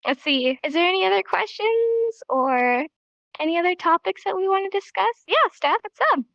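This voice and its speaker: A woman's voice: extremely high pitch, expressive, moderate pace, creaky, fairly bright tone, no room sound, lo-fi sound. A young woman teaching a casual sign language class, bubbly and giggly, acting out each emotion with her voice while tired and a bit sore in the throat.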